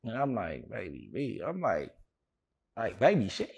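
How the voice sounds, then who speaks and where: A man's voice: medium pitch, very animated, normal speed, vocal fry, slightly rough. A man being interviewed, telling a long story in a rambling way, full of fillers and restarts, and acting out what others said. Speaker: interview guest. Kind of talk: casual storytelling.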